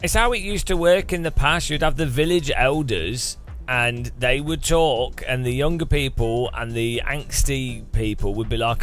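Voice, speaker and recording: Deadpan British man rambling sarcastically. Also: mid-range voice, normal speed, hardly any pauses, faint music behind. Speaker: gaming youtuber. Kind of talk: casual commentary while gaming.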